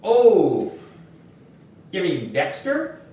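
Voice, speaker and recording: A man's voice: sits high, wildly swooping pitch, extremely slow, dark tone, a little hiss or hum, pitched above the performer's own voice, exaggerated voice. A big, easygoing grandfather speaks in a hearty, reassuring way, voiced by a man reading a storybook. He takes his time. The sound is echoey and distant. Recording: echoey room, far from mic.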